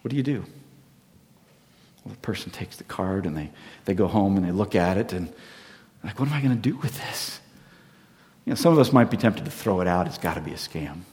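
A man preaching a sermon as pastor, telling a story that swings from loud emphasis down to near-whispers. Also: sits low, animated, brisk, pauses often. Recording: long hall reverb.

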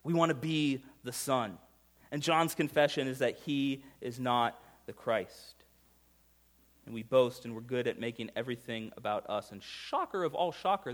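Animated man preaching a sermon. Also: medium pitch. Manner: animated, swings between loud emphasis and hushed intensity; conversational, with rhetorical questions to listeners. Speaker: pastor.

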